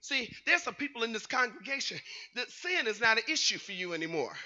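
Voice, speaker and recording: A male pastor preaching fervently to his congregation, calling for responses and building to shouts with sing-song phrasing. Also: extremely high pitch, very animated, fairly quick, highs cut off. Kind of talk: preaching a sermon with call and response. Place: church sanctuary.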